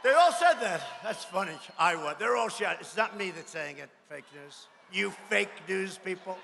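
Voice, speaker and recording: A man giving a campaign rally speech, boastful and mocking, repeating his phrases and often shouting to the crowd in a large venue. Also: high voice, animated, normal speed, creaky, background noise. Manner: frequent shouted lines to a crowd. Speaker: politician addressing a rally. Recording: long reverb of a large venue.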